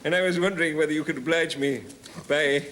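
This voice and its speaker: A man's voice: on the high side, fairly even intonation, fast talker, a bit bright, pitched above the performer's own voice, lightly acted. An English man playing a pompous old male stage actor on tour who talks in grand, flowery theatrical phrases. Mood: grandiloquent. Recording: 1970s TV studio recording, faint hiss.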